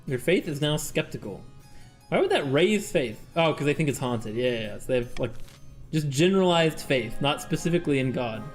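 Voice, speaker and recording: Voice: mid-range voice, expressive, a little fast, faint music behind. A streamer chatting casually with viewers during a game, laughing often and reading game text aloud. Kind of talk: casual live-stream gameplay chat.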